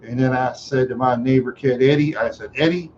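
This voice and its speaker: A man's voice: mid-range voice, steady tone, a little fast, darkish tone, slight background noise. Rambling middle-aged man from Minneapolis. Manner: rambling, chuckling, with sound effects. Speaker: live streamer. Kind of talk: rambling storytelling. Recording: dull lo-fi recording.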